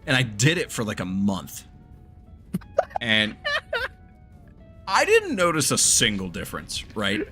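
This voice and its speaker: A man's voice: lowish voice, wildly swooping pitch, slow pace, long pauses, sharp tone, faint music behind. A man hosting a stream, chatting casually over a voice call and rambling through stories with frequent laughs. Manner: rambling storyteller, laughs often. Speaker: streamer host. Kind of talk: casual chat.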